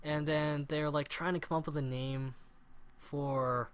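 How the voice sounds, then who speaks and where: A man's voice: on the high side, little pitch movement, a little slow, clear, resonant tone. A man co-hosting a casual movie review chat, recapping the plot with sarcastic, rambling asides. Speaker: podcast co-host.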